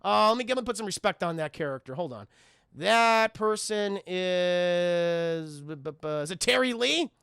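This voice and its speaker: A man casually recapping a cartoon episode for live-stream chat, swearing often and talking in animated bursts. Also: high voice, fast talker, vocal fry, dry recording, studio quality. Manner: profane, animated, talks to chat.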